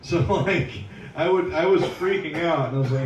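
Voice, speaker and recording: A man's voice: fairly high pitch, normal speed, distant mic, slight background noise. A man in his early forties doing a stand-up comedy set on a club stage, with a loose, rambling delivery full of restarts. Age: early 40s. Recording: roomy live club recording from off-mic. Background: audience laughter.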